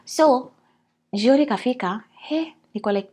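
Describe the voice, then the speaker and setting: A woman's voice: mid-range voice, moderate pace. A woman with a Kenyan accent, casually telling a personal story to her vlog audience and moving freely between English and Swahili. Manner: animated, mixes English and Swahili. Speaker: vlogger.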